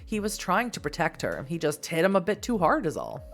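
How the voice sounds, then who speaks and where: A woman's voice: lowish voice, huge pitch swings, fairly quick, soft background music. A woman reading as a rambling old Irish man. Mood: wistful. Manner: rambling, regretful.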